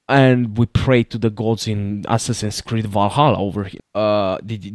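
A man giving excited let's-play commentary, gushing about a game, gasping and laughing, swinging from loud to soft. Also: lowish voice, moderate pace, few pauses, dry recording, studio quality. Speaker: gaming youtuber.

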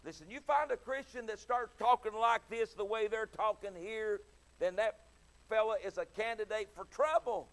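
High-pitched middle-aged guy preaching a sermon, gets quiet then loud, acts out people pleading. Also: normal speed. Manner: impassioned preaching, swings from soft to loud, acts out pleading voices. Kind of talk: evening sermon.

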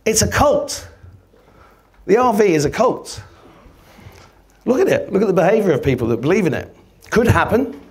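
A man's voice: high voice, big pitch swings, normal speed, pauses often, slightly rough. A man giving a casual, rambling live talk to an audience, swearing freely and acting out conversations. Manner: rambling, swearing, acts out quoted exchanges. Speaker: guest speaker. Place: event venue before a live audience.

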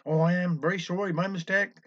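A man's voice: high-pitched, fairly even intonation, quick pace, fairly bright tone. A man with a Cornish accent voicing a formal older village chairman announcing a concert. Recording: dull lo-fi recording.

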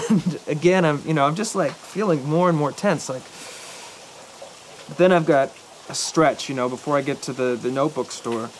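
A young man in a film telling a rambling anecdote to a friend, halting and correcting himself as he goes. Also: on the high side, slight background noise, lightly acted, poor audio. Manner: halting, hesitant, self-correcting.

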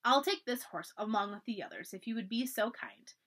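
A kindly old grandfather speaks with calm, polite courtesy, as a woman reader voices him. The storybook lines carry an animated, varied pitch. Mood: courteous. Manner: polite, measured.

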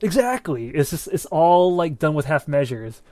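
Talking casually about movies as a podcast co-host, he's animated and profane, repeatedly checking in with "right?". His voice is a little high at normal speed, with a crowd audible in the background.

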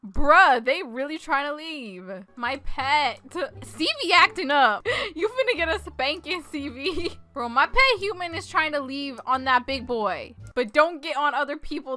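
A young woman giving casual, excitable gameplay commentary, often breaking into shrieks and laughter. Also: high voice, measured pace, few pauses. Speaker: gaming YouTuber.

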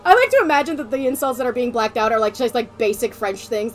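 A woman streamer chatting casually, excitable and rambling, often breaking into giggles. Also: fairly high pitch, fast. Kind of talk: casual chat.

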